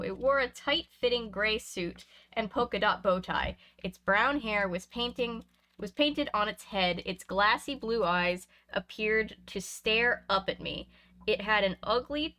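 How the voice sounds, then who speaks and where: A woman from Canada reads a spooky children's book aloud at home, her voice bright and clear. She gives the story a lively, expressive read and stops for casual chatty asides between passages. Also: medium pitch. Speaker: reader and streamer. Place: home room with bookshelves.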